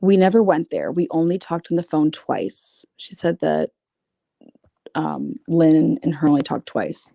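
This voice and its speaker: A woman's voice: sits low, expressive, unhurried, vocal fry, warm tone, no room sound, studio quality. A woman reading out private messages and commenting on them in a blunt, profane, sarcastic way. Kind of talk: casual commentary reading screenshots.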